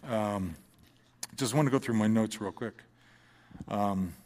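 A man's voice: fairly low pitch, slow, a little mellow. Earnest man giving church testimony. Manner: earnest and conversational with dry humor. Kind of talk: personal testimony to a congregation. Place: church, speaking from the front.

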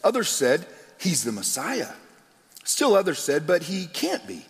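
Animated male preacher in a reverberant hall. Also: fairly high pitch, unhurried. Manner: animated storytelling, acting out quoted voices. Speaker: pastor. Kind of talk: sermon.

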